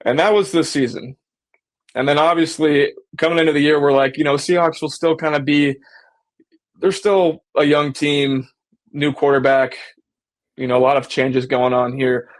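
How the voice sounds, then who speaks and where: A man's voice: fairly high pitch, steady tone, normal speed. A man hosting a casual sports fan show, talking animatedly and slipping into mock voices when he quotes people. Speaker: sports podcast host.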